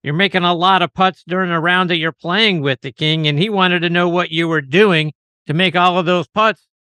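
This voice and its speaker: A man's voice: sits high, steady tone, moderate pace, sharp tone, clean tone, no echo. A man hosting a podcast, setting up stories for his guest to tell. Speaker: podcast host. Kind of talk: interview questions.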